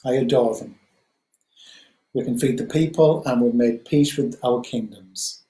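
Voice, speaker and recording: A man voicing a troubled king in a told parable, speaking in a low, subdued and rueful way. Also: unhurried, dark tone, echoey room, close to an everyday voice, rough recording. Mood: weary. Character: troubled grown king, weary and complaining.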